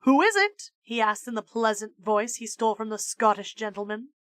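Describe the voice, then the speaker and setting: A woman streamer reading a children's book aloud in an expressive storytelling voice, jumping into high character voices. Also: brisk, dry recording.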